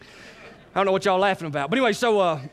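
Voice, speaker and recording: A man preaching a sermon, animated and folksy, checking in with the congregation often. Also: high-pitched, quick pace. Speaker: pastor.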